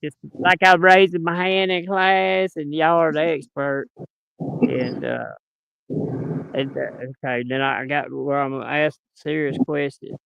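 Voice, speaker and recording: A man's voice: fairly high pitch, little pitch movement, unhurried, vocal fry, a bit bright, clear, resonant tone, highs cut off. A man, a guest on a livestream, telling a joke in a rambling, folksy way. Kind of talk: casual joke-telling chat.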